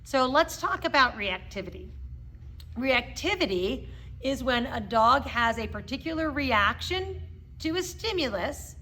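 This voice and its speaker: A woman's voice: high voice, big pitch swings, a little slow, sharp tone, slight background noise. A middle-aged woman dog trainer explaining behavior terms in a casual teaching talk, often checking in with "okay?". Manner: explains with hand puppets, frequent "okay?" check-ins.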